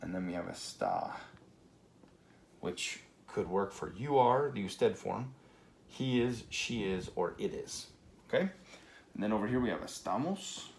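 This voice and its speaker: A man teaching a Spanish grammar lesson at a whiteboard, relaxed and full of fillers, checking in with "okay" often. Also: fairly low pitch, normal speed, a little hiss or hum. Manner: relaxed, many fillers and okays.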